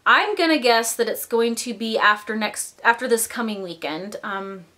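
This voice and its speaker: A woman's voice: a little high, expressive, moderate pace, pushed and bright. A young woman chatting casually in a vlog, gushing and filling her talk with "like" and "um", a little out of breath. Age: young adult. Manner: chatty, gushing, lots of filler "like" and "um". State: slightly out of breath. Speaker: vlogger.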